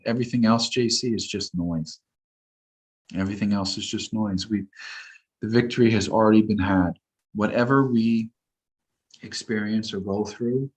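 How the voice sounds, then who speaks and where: Earnest male guest, low voice, very slow measured delivery. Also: low-quality recording. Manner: earnest, slow, repetitive affirmations. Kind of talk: spiritual talk show chat.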